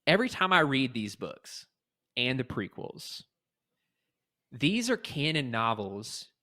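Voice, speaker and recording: A man's voice: medium pitch, takes it slowly. A man in his late twenties from North Carolina, co-hosting a podcast in casual chat and getting heated as he rants. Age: 20s. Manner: excitable, ranting, voice jumps when heated. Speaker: podcast co-host.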